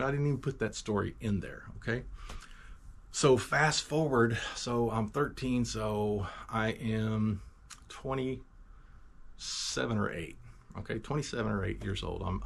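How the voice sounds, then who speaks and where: A man with a low, gravelly voice tells his testimony as a rambling, emphatic story, often restarting and wandering into asides. Faint ambient noise sits behind him. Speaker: Christian testimony vlogger.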